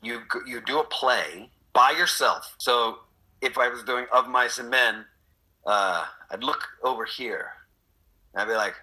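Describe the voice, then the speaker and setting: Animated husky-voiced man telling stories. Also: medium pitch, unhurried, rough recording. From Texas. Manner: animated storyteller, acts out quotes. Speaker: actor guest. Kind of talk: casual interview chat.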